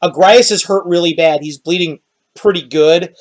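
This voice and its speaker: A man running a tabletop game as game master, narrating scenes in a halting, descriptive way. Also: sits high. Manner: descriptive, halting, with restarts and quick laughs.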